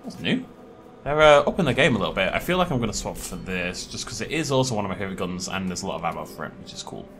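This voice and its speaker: A man's voice: fairly low pitch, big pitch swings, fast talker, fairly bright tone, slight background noise. A British man hosting a let's play, chatting casually and animatedly as he plays and often laughing at himself. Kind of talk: casual gaming commentary.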